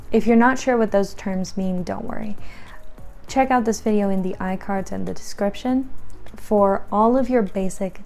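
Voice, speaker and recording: A woman teaching piano and explaining patiently in a clear instructional tone. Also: medium pitch, warm tone. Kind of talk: instructional tutorial.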